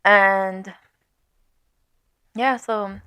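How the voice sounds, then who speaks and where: A young woman chats on camera in a casual storytime, animated and quick to swear and laugh. Her voice is smooth and clear, with a mid-range pitch. The recording is dry and close. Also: dry recording. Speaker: vlogger.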